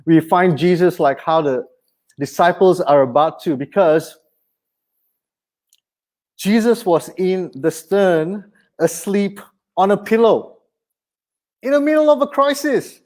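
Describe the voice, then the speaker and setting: High-voiced pastor. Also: male voice, slow, pauses often. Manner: animated, conversational preaching with humor. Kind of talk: sermon.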